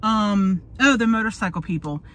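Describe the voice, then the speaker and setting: A woman's voice: mid-range voice, moderate pace, fairly bright tone. A woman in her forties chatting casually in a car, rambling and losing her train of thought. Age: 40s. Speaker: vlogger. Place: in a parked car.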